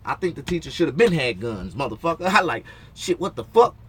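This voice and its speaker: A man's voice: fairly high pitch, sing-song, a little fast, slightly rough. A man hosting his own late-night talk show, ranting in a profane, rambling way from his motorhome. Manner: profane, rambling rant with frequent cursing.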